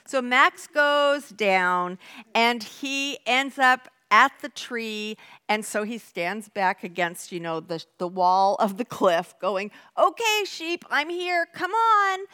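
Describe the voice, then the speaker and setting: Woman teacher, high pitch, very lively, bright tone, conversational sermon. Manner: conversational, animated retelling. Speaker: church teacher.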